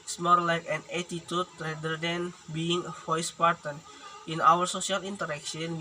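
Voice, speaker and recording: A young man from Indonesia reads out a presentation in a careful, halting way, slowing down for example words. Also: a little high. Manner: careful, halting reading with restarts and slow demonstrated words. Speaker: student presenter. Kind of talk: read academic presentation. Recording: room with audible background noise.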